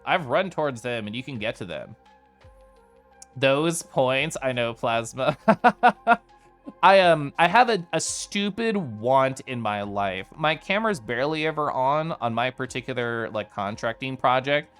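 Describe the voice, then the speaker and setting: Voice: medium pitch, animated, measured pace, fairly bright tone, soft background music. A livestreamer chatting casually with viewers, telling rambling stories full of fillers and mock outrage. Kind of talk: casual chat with a live stream chat.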